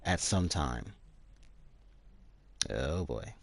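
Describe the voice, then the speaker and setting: A man's voice: very deep voice, lively intonation, drawn-out words, creaky, dry recording. A man streaming a game live, reacting and reading on-screen dialogue aloud. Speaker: gaming streamer.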